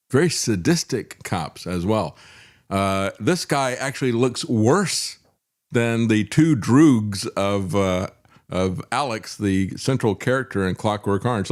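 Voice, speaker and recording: A male talk show host giving indignant, sarcastic commentary, with frequent fillers. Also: fairly low pitch.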